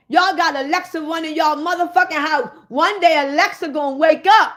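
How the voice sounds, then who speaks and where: A woman in a comedic rant, swearing freely and calling out to her listeners. Her voice sits high, and her delivery is animated. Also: fairly quick, few pauses. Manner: profane, animated, addressing listeners directly. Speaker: host.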